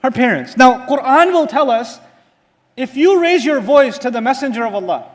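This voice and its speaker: A man's voice: very high-pitched, lively intonation, normal speed. A man giving a sermon-style lecture as an Islamic teacher, telling a story with animation and putting rhetorical questions to his audience.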